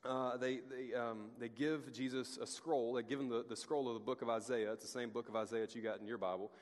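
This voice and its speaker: A pastor giving a casual, conversational sermon, full of restarts and acted-out asides. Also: male voice, mid-range voice, steady tone, a little fast. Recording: long hall reverb.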